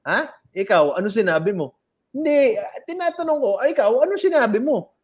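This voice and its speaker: Two dazed, stoned Filipino men quiz each other in squeaky, high voices, going round in circles of confusion, as a man acts them out. The pitch sits far above the storyteller's normal range and leaps around. It sounds like a silly street standoff. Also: very animated, brisk, breathy edge, heavily acted. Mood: confused. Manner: squeaky, confused back-and-forth questioning.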